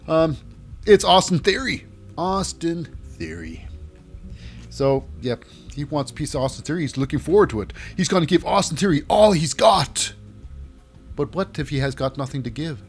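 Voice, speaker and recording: A man casually recapping a wrestling show, rambling with many fillers and self-corrections. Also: medium pitch. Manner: rambling, filler-heavy, animated.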